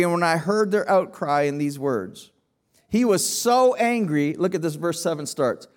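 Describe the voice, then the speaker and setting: A man's voice: sits high, expressive, normal speed. A man preaching a sermon as pastor, emphatic, asking rhetorical questions and often restarting his phrases.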